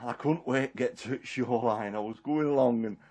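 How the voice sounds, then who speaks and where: In this dramatic one-man Bible monologue, a man portrays the apostle Peter as a warm-hearted, homely, middle-aged fisherman who rambles and chuckles. His medium-pitched voice is a little fast and a little mellow, and the acting is light.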